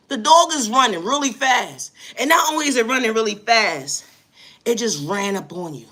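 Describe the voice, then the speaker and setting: New York woman, high lively voice, exasperated slangy storytelling rant. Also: normal speed. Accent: New York City. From New York City. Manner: animated, repeats catchphrases, slangy and exasperated.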